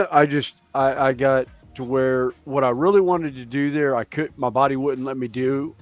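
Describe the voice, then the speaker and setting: A man's voice: medium pitch, moderate pace, faint music behind. A man in his fifties from the United States chatting casually in a group, rambling, swearing freely and laughing often. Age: 50s.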